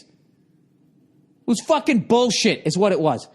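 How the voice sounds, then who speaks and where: A man's voice: sits high, expressive, measured pace, long pauses. A man in his forties with a Boston accent, telling a profane, exasperated story in a ranting monologue. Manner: profane, exasperated storytelling, jumps into loud mock voices. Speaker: podcast host.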